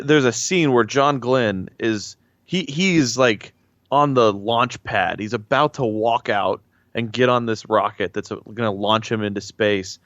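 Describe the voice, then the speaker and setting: A man's voice: lowish voice, a bit bright, no room sound, lo-fi sound. A man co-hosting a podcast in casual chat, rambling and blunt with many restarts. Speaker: podcast co-host.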